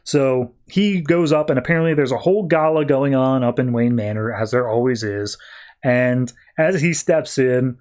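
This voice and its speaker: A man hosting a podcast, recapping comic books as quick, enthusiastic storytelling. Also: medium pitch, a little mellow. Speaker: podcast host. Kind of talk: casual comic book recap.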